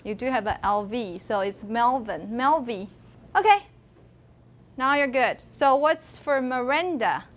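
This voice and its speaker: A woman's voice: a little high, lively intonation, measured pace. A female university lecturer with a Taiwanese accent, giving a classroom lecture and often asking the students questions and laughing.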